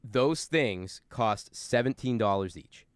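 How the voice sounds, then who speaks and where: A man in his forties, a guest on a talk show, telling animated stories in casual chat and acting out angry customers. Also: on the low side, slow, clear, resonant tone, no echo, clean studio sound.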